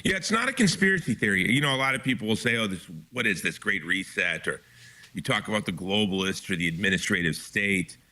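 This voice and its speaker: A man's voice: fairly low pitch, expressive, fast, bright, forceful tone. A man being interviewed as a guest author, speaking with urgent emphasis and frequent restarts. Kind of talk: impassioned interview talk.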